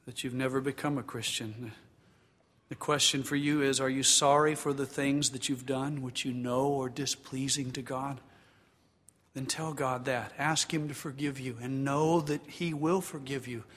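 A pastor preaching a sermon in a church sanctuary, earnest and emphatic, then leading a prayer. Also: male voice, medium pitch, fairly bright tone. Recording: long reverb of a large hall.

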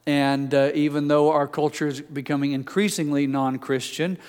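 A man's voice: fairly high pitch, steady tone, moderate pace, smooth. Man preaching in a reverberant hall. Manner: conversational preaching, homely anecdotes, drops to soft, hushed emphasis. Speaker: pastor. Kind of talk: sermon.

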